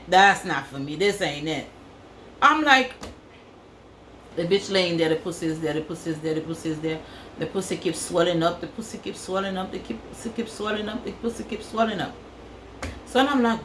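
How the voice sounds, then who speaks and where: A woman's voice: medium pitch, fairly bright tone, roomy sound, a little hiss or hum, poor audio. A woman from Africa, telling a crude story in a casual vlog and repeating phrases for effect. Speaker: vlogger.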